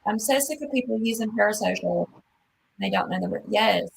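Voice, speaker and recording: A woman's voice: mid-range voice, fairly quick, vocal fry, slight background noise, poor audio. A woman in her fifties hosting a casual livestream chat, talking bluntly and scolding emphatically. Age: 50s. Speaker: livestream host.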